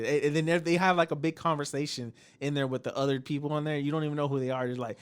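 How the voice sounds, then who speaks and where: A man co-hosting a casual podcast, telling stories in a laid-back, swearing way and acting out other people's voices with big jumps in pitch. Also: steady tone, rapid-fire, hardly any pauses, smooth. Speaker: podcast co-host. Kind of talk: casual chat.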